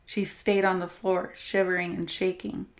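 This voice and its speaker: A woman narrator reading a horror anthology story with steady, dramatic storytelling. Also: lowish voice, moderate pace.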